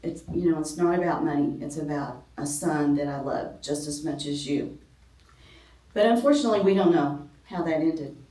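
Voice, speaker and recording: A middle-aged woman teaches a women's church class in a relaxed, chatty manner, with frequent ums and occasional jokes at her own expense. Her mellow voice sits a little low for a woman and moves at a moderate pace. Recorded from across a roomy classroom, she sounds distant and echoey.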